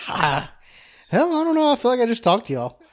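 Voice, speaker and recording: A man's voice: very high-pitched, a bit bright. A young man co-hosting a casual podcast in a laid-back, drawling way. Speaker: podcast co-host.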